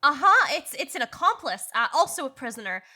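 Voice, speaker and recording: High bright woman player. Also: very animated, brisk. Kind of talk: casual chat.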